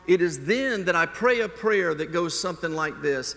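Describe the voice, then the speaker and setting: Pastor guy preaching, bright kinda high voice, earnest storyteller, big echoey church sound. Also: expressive, creaky. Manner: earnest storytelling, shifting from slow emphasis to quick asides. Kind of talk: sermon with personal anecdote.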